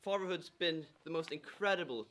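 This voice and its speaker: A man's voice: fairly high pitch, a little fast, a bit bright, lightly acted. A young man acting a doting new father in a stage radio play, earnest and sentimental. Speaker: actor in a youth theatre radio play.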